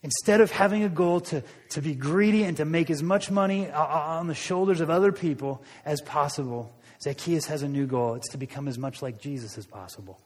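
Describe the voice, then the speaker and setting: Higher-voiced man preaching in a reverberant hall. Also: brisk, few pauses. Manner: conversational storytelling, frequent restarts. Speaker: pastor. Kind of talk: sermon.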